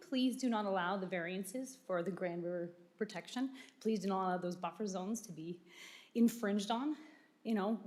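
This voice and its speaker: A woman and mother speaking as a resident at a council meeting, emotional and pleading. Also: mid-range voice. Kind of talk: public comment. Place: council chamber.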